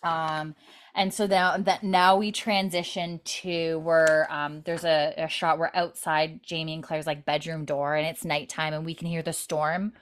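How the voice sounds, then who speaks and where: A woman's voice: low-pitched, level tone, a little slow. A young woman host chatting casually, retelling a TV episode in a rambling way full of "like" and "you know". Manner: rambling, filler-heavy retelling with many "like"s. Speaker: podcast host recapping a TV episode. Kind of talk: casual chat.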